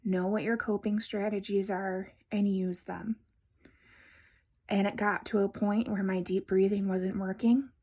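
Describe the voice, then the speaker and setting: Soft-spoken woman giving gentle encouragement. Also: mid-range voice. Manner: gentle, reassuring, speaks directly to viewers. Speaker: vlogger. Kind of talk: heartfelt personal vlog talk.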